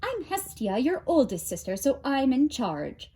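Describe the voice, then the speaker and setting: A woman's voice: high voice, sing-song, unhurried, warm tone, slight background noise, voice pushed up. A woman voicing a bossy eldest sister goddess, in a storybook reading. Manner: bossy, complaining.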